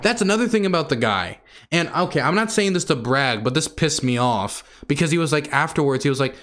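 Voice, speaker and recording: A male streamer tells a story to his audience in a loose, rambling way. He sounds candid and exasperated, and his speech is full of fillers and restarts. His voice sits at a middle pitch. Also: animated, fast, fairly bright tone.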